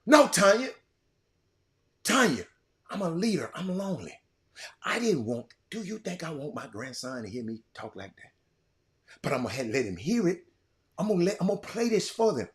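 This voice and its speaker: An older man giving an impassioned monologue as a show host, repeating himself and swinging between loud outbursts and quiet, reflective stretches. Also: a little high, big pitch swings, normal speed, long pauses. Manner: fiery, repetitive, swinging from shouting to quiet.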